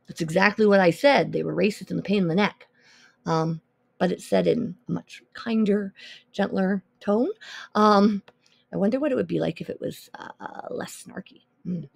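A woman teacher chatting loosely on a podcast, her voice heavy with gravelly fry and a husky edge. She thinks out loud, full of ums and little asides, and is quick to find things funny. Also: mid-range voice, lively intonation, no room sound. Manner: chatty, easily amused, thinks aloud with many ums. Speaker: music teacher. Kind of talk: casual podcast demo of teaching tools.

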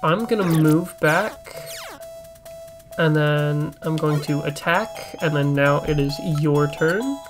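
A man's voice: on the high side, takes it slowly. Swearing, joking man playing a game. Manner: crude joking, frequent swearing, sudden excited outbursts. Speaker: let's play gamer. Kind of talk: casual gameplay commentary. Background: faint game soundtrack music.

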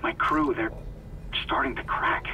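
A man's voice: medium pitch, measured pace, crowd noise, lightly acted, low-quality recording. A man playing a weary male ship engineer recording a grim personal log in a video game. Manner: grim, steady log narration.

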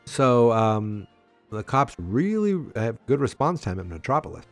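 Guy podcasting a comic recap, super animated, keeps doing little voices and asides. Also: mid-range voice, unhurried, no echo, soft background music. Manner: animated, acts out character lines with voices, asides and fillers. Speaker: podcast host. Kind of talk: casual comic book recap.

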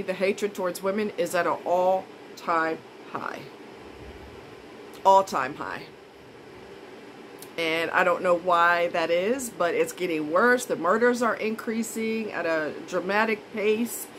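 A woman's voice: lowish voice, measured pace, a bit bright, slight background noise, poor audio. A woman vlogger in a casual monologue, blunt and indignant, repeating her points for emphasis.

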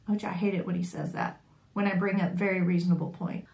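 A woman vlogger telling a funny family story in a casual, wry and animated way, often laughing. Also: fairly low pitch, quick pace, creaky. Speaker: sewing vlogger. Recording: echoey room.

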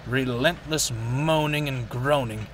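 A man's voice: medium pitch, slow pace, a bit bright, a little hiss or hum. A man voicing a good-natured male diesel engine with a friendly, encouraging manner. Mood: angry.

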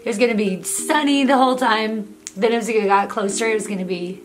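A woman's voice: fairly high pitch, brisk. A woman, the host's mother, giving an earnest, heartfelt casual faith testimony to the camera. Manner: earnest, heartfelt, drops soft when quoting inner comfort. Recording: music playing clearly behind.

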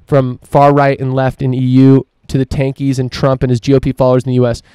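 Male podcast host, solo rant, profane and emphatic, smooth dark voice, little melody. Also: mid-range voice, monotone, fast talker, no room sound. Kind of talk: solo opinion podcast monologue.

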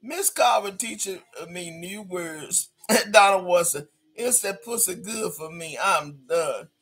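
A man hosting a casual live stream, reading viewer comments aloud with loud, laughing, sassy banter. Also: high-pitched, takes it slowly.

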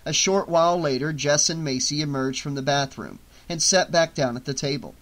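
A man narrating an audiobook in a steady, clear reading voice. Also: a little high, normal speed.

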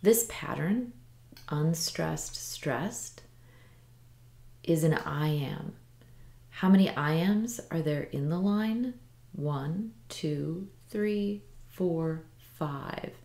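A woman teaching a poetry lesson, explaining meter slowly and reading lines aloud with careful emphasis. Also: deep voice, expressive, a little mellow, echoey room.

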